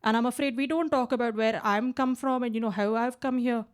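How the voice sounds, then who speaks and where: A stand-up comedian in her late twenties, a woman from India with a twang, works a club stage mic in a basement comedy club. Her voice is fairly high and brisk, and she keeps things chatty, tagging lines with "right?".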